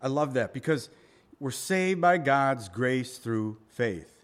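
A man's voice: medium pitch, lively intonation, takes it slowly. A man preaching a sermon, reading scripture and telling stories with acted quotes, his volume and pace swinging widely. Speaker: pastor.

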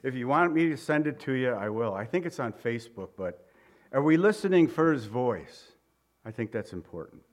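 Male pastor, mid-pitched and earnest, preaching and praying with his congregation in a conversational tone. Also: sing-song, moderate pace. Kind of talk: sermon. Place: church room.

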